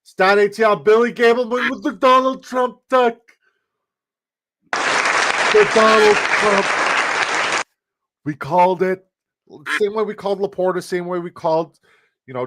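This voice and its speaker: A man's voice: high-pitched, fairly bright tone, voice pushed up, full character voice. A man doing an impression of a boastful, blustery older male politician, repeating superlatives.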